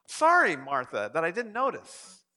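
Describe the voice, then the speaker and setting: A man's voice: high voice, wildly swooping pitch, normal speed, pushed and bright, in a large hall, exaggerated voice. A man doing a fawning, gushing apologizer. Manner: effusive, fawning praise.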